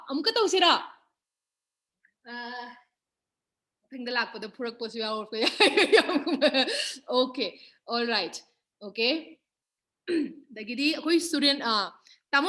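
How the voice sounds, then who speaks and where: A woman's voice: high-pitched, pushed and bright. A woman with a Manipuri accent leading an online kids' yoga class on a video call, counting out poses and mixing English with her local language. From Manipur, Northeast India. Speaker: yoga teacher.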